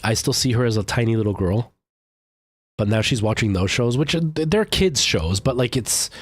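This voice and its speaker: A man's voice: on the low side, no echo. A man in his thirties, a streamer casually chatting to his viewers in a rambling way, full of fillers and restarts. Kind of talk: casual chat with live chat.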